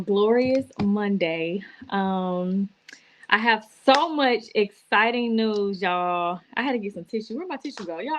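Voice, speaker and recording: A woman's voice: medium pitch, slight background noise. Woman, teary live-stream testimony to her viewers, casual and emotional. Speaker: vlogger going live. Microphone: laptop or phone.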